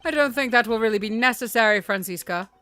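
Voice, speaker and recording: Girl reading as a polite formal guy prosecutor from a game, calm measured lines, bright voice. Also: on the high side, soft background music. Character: composed, formal male prosecutor in his twenties.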